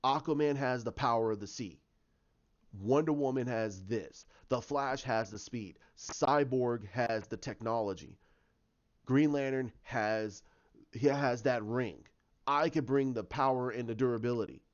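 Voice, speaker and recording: A man doing an earnest, deliberate superhero. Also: mid-range voice, voice pushed down, natural voice. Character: earnest male superhero pleading with a friend. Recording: dull lo-fi sound.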